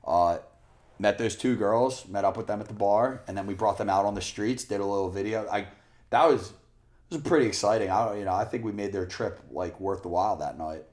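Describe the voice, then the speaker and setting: A man's voice: fairly low pitch, a little fast, darkish tone. A young man co-hosting a podcast, telling rambling stories in casual chat, swearing often and acting out what others said. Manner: rambling storyteller, swears a lot, acts out quotes. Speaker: podcast co-host.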